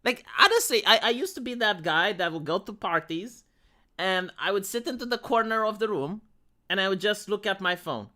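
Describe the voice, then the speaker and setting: A man's voice: high voice, expressive, normal speed, sharp tone. A young man chatting bluntly with his live-stream chat, swearing often as he answers comments.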